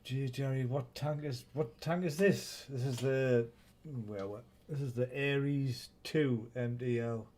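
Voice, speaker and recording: A man's voice: medium pitch, takes it slowly, a little mellow, a little hiss or hum. A man with a Northeast English accent, hosting a casual live stream and bantering with viewers in a rambling, teasing way. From Northeast England.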